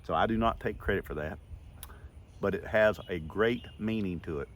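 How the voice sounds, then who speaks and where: A man's voice: low voice, normal speed. A man, telling stories in a folksy, rambling and heartfelt way in a casual vlog. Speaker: vlogger.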